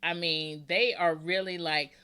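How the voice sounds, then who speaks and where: An unhurried woman hosting a podcast interview about books. She rambles warmly through her thoughts and laughs often. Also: lowish voice, fairly even intonation, clear, resonant tone. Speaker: podcast host. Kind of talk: casual interview chat.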